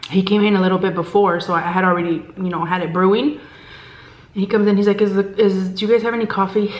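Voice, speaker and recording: A woman's voice: medium pitch, fast. A woman vlogger casually telling a story from work, acting out what people said to her. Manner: chatty, animated quoting of others; drops to a hushed whisper at tense moments. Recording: echoey room.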